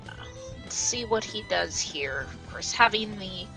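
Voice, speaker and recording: Bright-voiced woman calling a game race. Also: medium pitch, lively intonation, measured pace, vocal fry, faint music behind, low-quality recording. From northwest United States. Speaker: co-commentator. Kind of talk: casual speedrun commentary.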